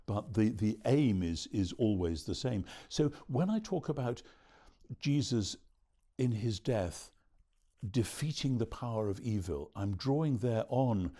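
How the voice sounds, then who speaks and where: A man being interviewed as a theologian, answering at length in a measured, explanatory way. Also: on the low side, animated, warm tone. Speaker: theologian guest.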